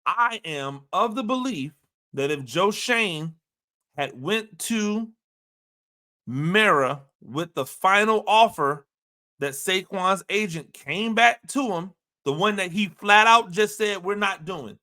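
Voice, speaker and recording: A man's voice: high-pitched, lively intonation, slow pace, bright, forceful tone. A man giving opinionated sports commentary, talking emphatically and repeating himself with rhetorical questions.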